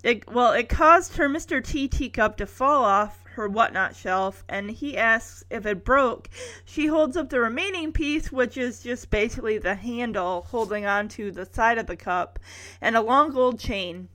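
A woman's voice: a little high, animated, unhurried, pushed and bright. A woman recapping an episode in a casual, chatty way, with wry sarcastic asides.

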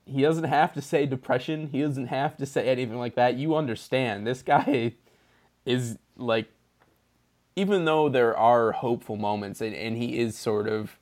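Young man, mid-pitched, jokey, often searches for words, casual film chat. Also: normal speed, a little mellow. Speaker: film podcast co-host.

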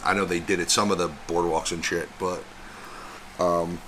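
A man's voice: low-pitched, little pitch movement, moderate pace, a bit bright, a little hiss or hum. A man chiming in with profane wisecracks in casual podcast chat. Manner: wisecracking, swears, chimes in with jokes. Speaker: podcast co-host.

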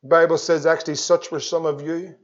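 A man preaching an evangelistic sermon, swinging between loud pleas and hushed tones. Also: fairly high pitch, little pitch movement, brisk. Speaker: pastor. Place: church. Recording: dull lo-fi sermon recording.

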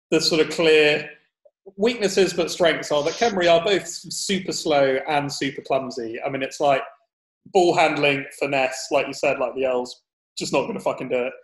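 A man's voice: on the high side, roomy sound, poor audio. A man hosting a podcast, casual, joking and swearing, laughing often. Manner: jokey, sweary, laughs a lot. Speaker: podcast host.

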